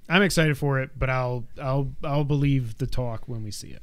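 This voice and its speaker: Male podcast co-host, casual, mid-pitched, reads news with wry interruptions. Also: moderate pace, clear, resonant tone. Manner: reads press copy with asides and jokes. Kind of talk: casual chat, reading news aloud. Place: home.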